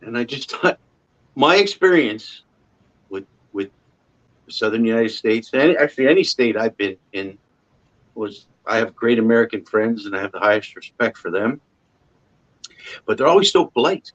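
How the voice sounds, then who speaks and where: A man's voice: lowish voice, animated, normal speed, long pauses, fairly bright tone, lo-fi sound. A man with a Canadian accent chatting casually as host of a livestream, a rambling storyteller who chuckles often.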